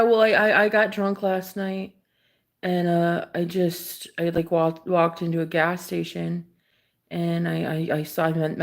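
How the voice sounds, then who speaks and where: Gravelly-voiced young woman telling a story. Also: on the low side. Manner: animated, swears freely, acts out quotes. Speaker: vlogger. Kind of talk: casual storytime vlog.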